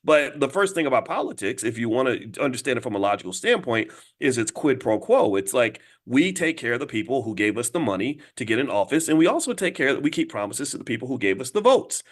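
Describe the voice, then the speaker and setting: A middle-aged man talks quickly and emphatically to an audience, his pitch in a middle range. He keeps acting out short exchanges, and his voice leaps up when he does. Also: very animated. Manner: fast, emphatic, acts out dialogue with jumps in pitch. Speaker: finance commentator addressing an audience. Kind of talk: animated monologue.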